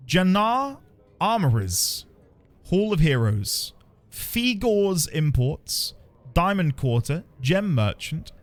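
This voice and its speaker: Chatty man streaming a game. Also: on the high side. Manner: chatty, jokey, reads place names aloud. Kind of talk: live gameplay commentary. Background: game music.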